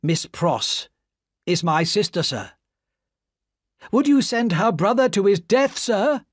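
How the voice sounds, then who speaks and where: A scared male spy, put on by a man reading the story, pleading in a high, strained voice that jumps around. He talks slowly in a dry, close sound. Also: sing-song, no room sound, exaggerated voice. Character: frightened male spy pleading for his life.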